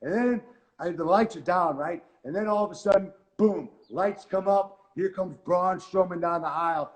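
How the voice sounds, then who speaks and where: A man's voice: high-pitched, normal speed. A man being interviewed, telling a story casually, cursing often and saying "like" a lot, with a Southern Californian accent. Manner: profane, excitable, lots of "like" and "man". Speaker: guest wrestler.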